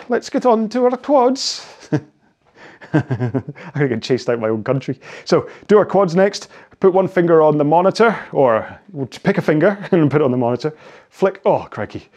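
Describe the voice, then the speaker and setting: Scottish guy in his 40s leading post-row stretches, rambly and jokey, plain mid-pitched voice. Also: a little mellow. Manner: chatty, self-deprecating, rambling asides. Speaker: indoor rowing coach. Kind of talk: casual workout cool-down instruction.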